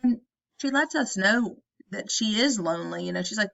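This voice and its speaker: Brief: chatty woman teacher in a casual classroom retelling, gravelly voice, dull lo-fi recording. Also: medium pitch, animated, normal speed, a bit bright. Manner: chatty, tags statements with "right?".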